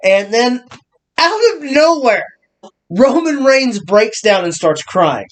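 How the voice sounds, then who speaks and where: A man co-hosting a casual wrestling review, excitable and full of halting restarts. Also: extremely high pitch. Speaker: podcast co-host.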